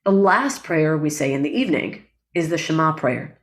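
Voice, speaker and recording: A woman with a lowish voice speaks as an interview guest, explaining breathwork in an earnest, teaching way. She often checks in with "right?" and recites lines of Hebrew prayer. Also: lively intonation, moderate pace. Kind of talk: reflective interview talk.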